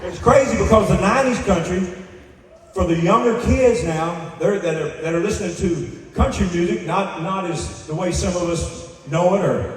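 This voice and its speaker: An older country singer, his voice high-pitched and at normal speed, tells rambling, self-interrupting jokes between songs during a live stand-up set on a large indoor theater stage. His stage mic runs through the PA, captured from far off in an echoey hall, with audience laughter and music behind him.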